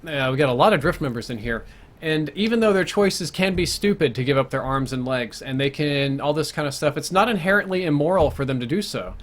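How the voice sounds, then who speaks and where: A man's voice: on the high side, expressive, brisk. A young man chatting casually while live-streaming a game, thinking aloud and answering viewers' questions between plays. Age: young adult. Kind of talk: live gameplay commentary chat.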